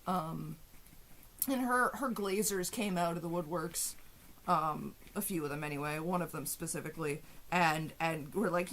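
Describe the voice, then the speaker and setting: A woman's voice: fairly low pitch, moderate pace. Woman ranting angrily and swearing. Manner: heated, profane, sarcastic. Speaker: vlogger. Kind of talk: angry rant to camera.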